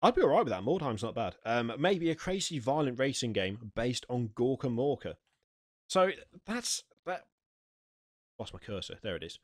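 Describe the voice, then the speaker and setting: A man's voice: medium pitch, very animated, moderate pace, dry recording. A man hosting a podcast, reading gaming news aloud and swearing freely between asides. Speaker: podcast host. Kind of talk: casual news chat. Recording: dry close mic.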